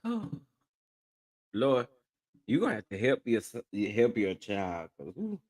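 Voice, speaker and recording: A man giving reaction commentary in an unhurried, drawn-out delivery. His voice swings widely in pitch as he reacts with incredulity and keeps breaking into laughter. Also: huge pitch swings, darkish tone. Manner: incredulous and amused, laughing often. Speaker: commentary host.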